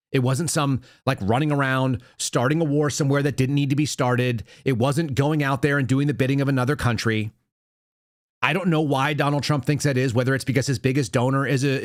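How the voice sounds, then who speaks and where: A man's voice: medium pitch, no room sound, clean studio sound. Blunt, sarcastic man host. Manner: blunt, sarcastic, rhetorical questions. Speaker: podcast host. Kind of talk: opinionated political commentary.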